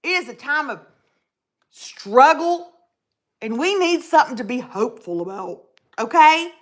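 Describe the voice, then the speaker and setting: A woman, hosting a casual home livestream, chatty and animated, greeting viewers by name. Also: sits high, a little slow. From Texas. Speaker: livestream host. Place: indoors at home.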